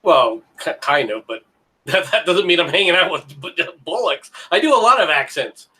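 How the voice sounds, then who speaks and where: A man's voice: fairly high pitch, lively intonation, normal speed, bright, forceful tone, slightly rough. A man in casual banter as a co-host on a livestream, sarcastic and joking, often slipping into bits.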